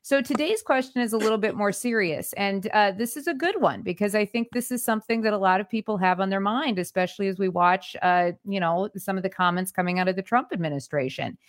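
A woman's voice: medium pitch, fast talker, hardly any pauses, dry recording. A woman co-hosts a talk show, chatting in a friendly, upbeat way. She often trips over her words and restarts. Her voice sounds dry and close. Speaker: co-host. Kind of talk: casual chat.

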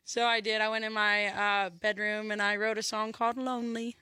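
A woman's voice: medium pitch, a little fast, clean tone, no echo, studio quality. A young woman from Georgia with a Southern accent, chatting animatedly as a musician guest in an interview. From Georgia, USA. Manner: chatty and animated, with lively quoted asides. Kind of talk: casual interview chat.

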